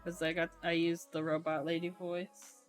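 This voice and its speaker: A young woman streaming, chatting casually while she builds a keyboard, in a voice she calls monotone and with frequent laughter. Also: fairly low pitch, normal speed, faint music behind. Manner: self-described monotone voice, laughs often.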